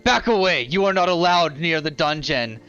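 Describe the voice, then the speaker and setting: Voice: medium pitch, moderate pace, fairly bright tone, smooth, dull audio, soft background music, close to an everyday voice. A game master voicing stern monster guards who give short, cold commands. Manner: curt, commanding.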